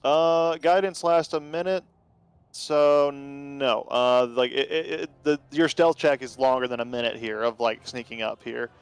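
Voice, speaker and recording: Clear-voiced man running a tabletop game. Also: medium pitch, no room sound. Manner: casual, halting with fillers. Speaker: game master.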